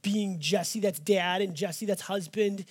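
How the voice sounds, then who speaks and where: High-pitched and slightly rough, a pastor who has five children talks through his sermon in a warm, conversational style. He takes the scripture more slowly so it lands with weight.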